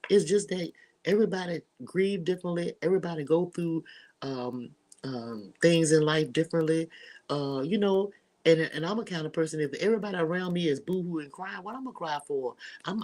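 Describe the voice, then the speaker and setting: A woman's voice: low voice, darkish tone. A middle-aged woman hosting, telling a personal story in casual chat to her listeners, candid and earthy. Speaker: host.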